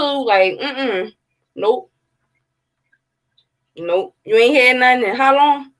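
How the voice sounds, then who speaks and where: A woman's voice: fairly high pitch, lively intonation, normal speed, pauses often, fairly bright tone, poor audio. A woman, giving blunt, heated, profane commentary in a casual livestream. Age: 30s. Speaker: true-crime commentary host.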